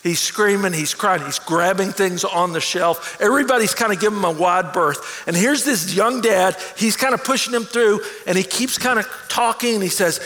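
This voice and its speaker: Bright, high-voiced preaching man. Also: normal speed, hardly any pauses. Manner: energetic, stammering restarts. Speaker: pastor. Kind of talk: sermon. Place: large church auditorium. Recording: long hall reverb.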